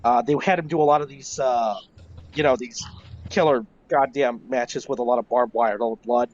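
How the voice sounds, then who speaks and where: In a casual interview, a wrestling historian tells animated stories and swears freely. His medium-pitched voice moves at a moderate pace, captured over lo-fi voice chat.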